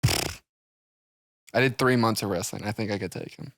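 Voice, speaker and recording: A young man co-hosting a podcast in casual chat, deadpan and teasing. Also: lowish voice, a little slow, no room sound, clean studio sound. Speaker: podcast co-host.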